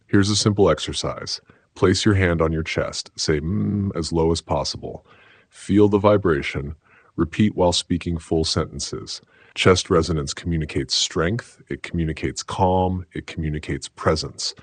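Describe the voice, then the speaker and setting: Guy with a super deep husky voice, slow measured motivational voice-over, dry close sound. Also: no echo. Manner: slow, deliberate, measured delivery. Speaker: narrator. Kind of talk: scripted motivational narration.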